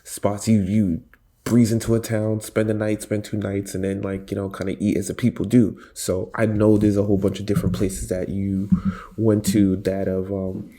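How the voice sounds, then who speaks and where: A man's voice: fairly low pitch, flat delivery, normal speed, mellow. A man co-hosting a podcast, chatting in a loose, laid-back way full of "like" and "you know". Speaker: podcast co-host. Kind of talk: casual podcast chat.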